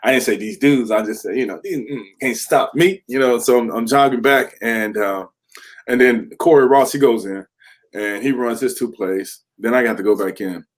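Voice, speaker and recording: A man's voice: medium pitch, moderate pace. A man in his thirties, a former pro football player, tells stories in a candid podcast interview and acts out the teammates he quotes.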